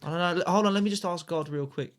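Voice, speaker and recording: A man's voice: on the high side, rapid-fire. A man playing a tabletop game, chatty and a bit jumpy. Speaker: player.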